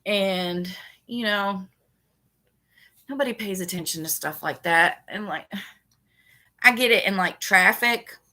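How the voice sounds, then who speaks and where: A woman telling a story in a casual, sarcastic rant, with quick animated bursts. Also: mid-range voice. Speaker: vlogger.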